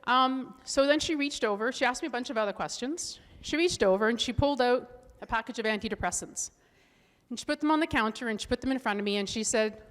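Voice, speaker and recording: A woman's voice: fairly high pitch, expressive, brisk. A middle-aged woman, a holistic nutrition coach, giving a presentation talk with a candid, earnest personal story and frequent restarts. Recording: long hall reverb.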